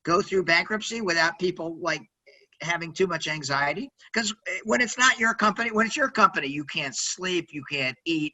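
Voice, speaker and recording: A quirky man in his sixties talking with big, loud energy as a podcast guest. His voice sits high for a man and rings bright and forceful, and he keeps checking in with "right?". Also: low-quality recording. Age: 60s. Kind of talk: energetic interview storytelling.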